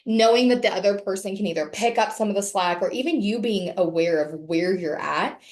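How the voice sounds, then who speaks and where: A woman's voice: mid-range voice, brisk, reverberant. Chatty woman leading a video call. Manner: chatty, candid, swears casually. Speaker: wellness session leader. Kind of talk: casual group talk on a video call.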